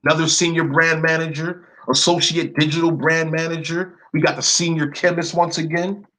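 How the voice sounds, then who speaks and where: A man hosting an online video, slowly reading long word lists off his screen and breaking in with blunt, indignant remarks. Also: fairly high pitch, flat delivery, pushed and bright. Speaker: video host. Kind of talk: screen-share commentary reading from a list.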